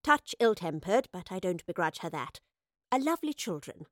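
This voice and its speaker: A woman's voice: on the low side, sing-song, normal speed, fairly bright tone, no echo, clean studio sound. A woman voicing an eccentric, cheerful female professor who talks in a whimsical, self-amused way. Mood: wry. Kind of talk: audiobook character voice.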